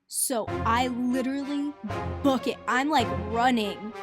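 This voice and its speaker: A woman's voice: fairly high pitch, measured pace, loud music behind the voice. A young woman, a college student, chattily retelling a hectic trip in a casual vlog and acting out the quotes. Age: young adult. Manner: chatty, breathless retelling, lots of "like", acts out quotes.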